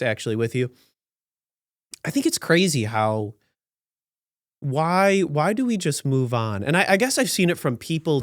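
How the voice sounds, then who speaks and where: Man, podcast host, sarcastic rambling commentary, mid-pitched voice, dry close sound. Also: no room sound. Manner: sarcastic, rambling, with many restarts.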